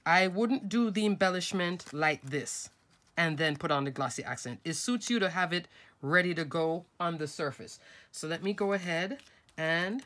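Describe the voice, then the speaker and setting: A woman's voice: on the low side, animated, normal speed, a bit bright. A middle-aged woman, nasal from a cold, chatting her way through a step-by-step craft tutorial at her desk and talking to viewers as folks and crafters.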